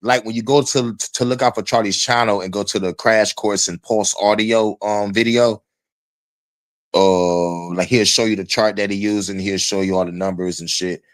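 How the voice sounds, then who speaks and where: Low-voiced male streamer, loose and filler-heavy, reacts to a clip. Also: fairly even intonation, normal speed. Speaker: streamer watching a video. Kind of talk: casual live-stream commentary.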